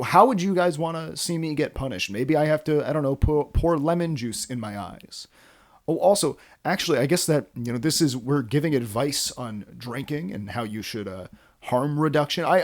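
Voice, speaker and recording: A man's voice: medium pitch, no room sound, clean studio sound. A man hosting a solo casual podcast, rambling and cursing with self-mocking jokes, tired from too little sleep. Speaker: podcast host.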